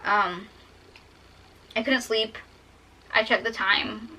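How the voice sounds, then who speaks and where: Young woman telling a storytime while drawing, teary, bright voice, pitched a bit high, rambles with lots of fillers. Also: steady tone, takes it slowly, poor audio. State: tearful, fighting back tears. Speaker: storytime vlogger.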